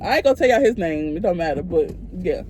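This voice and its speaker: A young woman vlogger telling a casual story straight to her viewers, animated and profane. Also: lowish voice, quick pace, a little hiss or hum.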